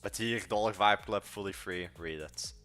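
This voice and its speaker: A man's voice: lowish voice, normal speed, a bit bright, faint music behind. A young man in his late teens from Belgium, with a mixed European accent, chatting casually on a livestream, rambling, correcting himself mid-sentence and giving blunt opinions. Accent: Belgian, mixed European-sounding. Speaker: livestreaming coder. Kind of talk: casual livestream chat answering viewers.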